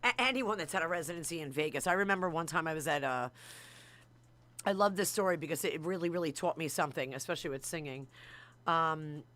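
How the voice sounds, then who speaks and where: A woman hosting a live internet radio show, chatty and excitable, joking between questions. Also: low voice, fast talker.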